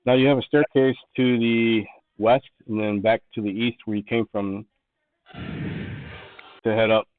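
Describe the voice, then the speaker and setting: A man's voice: lowish voice, flat delivery, a little slow, long pauses, no echo, narrow, tinny audio. A man narrating as game master, describing rooms and thinking aloud as he sets each scene.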